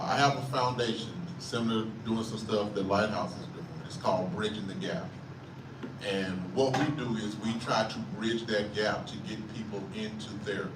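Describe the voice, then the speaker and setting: A man speaking earnestly at a community panel, halting with frequent "uh"s. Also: on the low side. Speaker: foundation founder at a panel. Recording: echoey room, distant mic, background noise.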